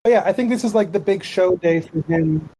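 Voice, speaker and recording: A man's voice: sits high, a little fast, warm tone, breathy edge, rough recording. A man co-host narrating a story in casual chat, rambling and hesitant with many fillers.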